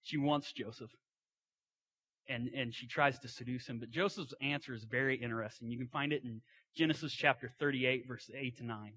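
A man's voice: mid-range voice, normal speed, fairly bright tone. A man preaching a sermon, retelling a story in a folksy way with asides and acted-out quotes.

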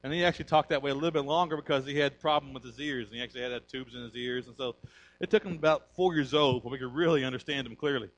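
A male pastor preaching a sermon, emphatic and energetic, calling on the congregation to respond. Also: mid-range voice, racing, lo-fi sound. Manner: conversational storytelling.

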